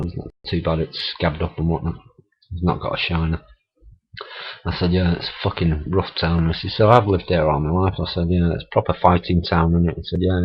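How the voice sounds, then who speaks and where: Gravelly-toned man chatting. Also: low voice. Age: middle-aged. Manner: chatty, swears, laughs a lot. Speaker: vlogger. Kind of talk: casual storytelling monologue. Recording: dull lo-fi camera audio.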